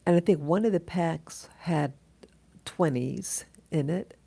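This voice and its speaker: A woman telling a dream in a casual, halting monologue, full of restarts and fillers as she greets viewers of her live stream. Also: lowish voice, vocal fry, dark tone, husky. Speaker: vlogger recounting a dream.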